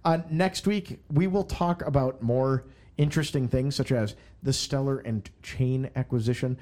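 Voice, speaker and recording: A man's voice: medium pitch, moderate pace, darkish tone. A man hosting a casual podcast chat, joking around and stumbling as he reads aloud. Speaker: podcast host.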